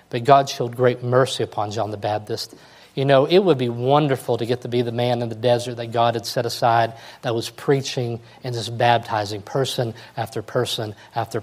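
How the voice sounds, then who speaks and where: A man's voice: medium pitch, a little mellow. A man preaching a sermon, earnest and rising to emphatic exhortation as he urges listeners.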